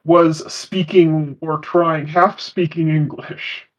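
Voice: mid-range voice, steady tone, takes it slowly, lo-fi sound. A podcast co-host chatting casually about an episode, dropping dry, wry quips. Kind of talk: casual recap chat.

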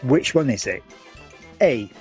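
A man's voice: mid-range voice, lively intonation, takes it slowly, darkish tone, faint music behind. A man hosting a casual podcast quiz, reading out questions and multiple-choice options with frequent laughs. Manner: reads questions and options clearly, laughs often.

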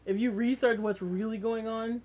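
Argumentative female guest, slightly higher pitch, casual talk. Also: fairly even intonation, moderate pace, crowd noise. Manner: insistent, argumentative. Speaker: podcast guest. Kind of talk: casual podcast chat.

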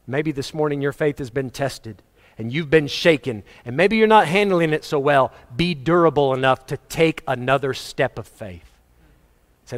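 A man's voice: on the high side, lively intonation, moderate pace. A man preaching a sermon to his congregation in a conversational way, chuckling and acting out quotes. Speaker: pastor. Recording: long hall reverb.

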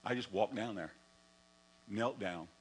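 A male pastor preaching a lively sermon and telling stories from his own life, sometimes acting out his younger self. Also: on the low side, a little slow, breathy edge, low-quality recording. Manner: animated storytelling, acts out his own past voice.

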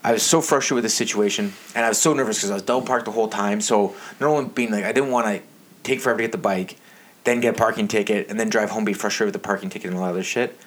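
A man telling a comedic story on a podcast, animated and exasperated, swearing often. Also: on the low side, racing. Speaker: podcast co-host.

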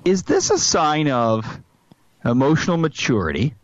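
Middle-aged male co-host, wry and animated, lively pitch, dull dry lo-fi sound. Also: a little slow, dry recording. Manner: playful, wry, builds extended jokey metaphors. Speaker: podcast co-host. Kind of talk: casual chat.

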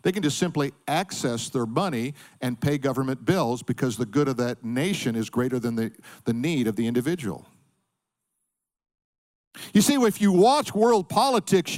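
A man's voice: fairly high pitch, expressive, moderate pace. A middle-aged man preaching a sermon, emphatic, calling on the congregation to answer back. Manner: emphatic preaching with call-and-response. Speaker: pastor.

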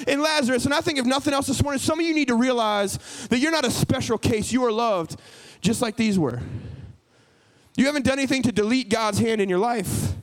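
High-voiced pastor preaching. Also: male voice, fairly quick, poor audio. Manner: animated, acts out dialogue. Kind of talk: sermon.

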